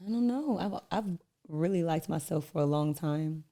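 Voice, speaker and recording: A woman sits in as a podcast guest and speaks with a somewhat low voice. She tells her stories with animation, acting out other people's lines and laughing easily. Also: normal speed. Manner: animated storyteller, acts out voices in anecdotes; laughs easily, playful self-praise. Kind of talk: candid conversation.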